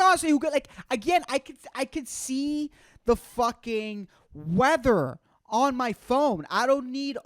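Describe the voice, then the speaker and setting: A man's voice: high-pitched, no room sound. A man in his twenties hosting a solo comedy podcast, rambling and swearing constantly, peppering his talk with "dude" and "man". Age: 20s. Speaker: podcast host.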